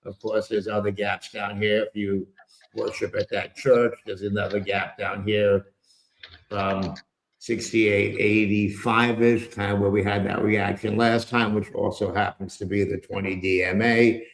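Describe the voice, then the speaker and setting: Speaking unhurriedly with vocal fry, this man's fairly low voice stays flat as he hosts a live trading stream. His market talk is casual, wry and rambling, with loose asides and some mild swearing. The earpiece mic picks up reverb and a little hiss or hum.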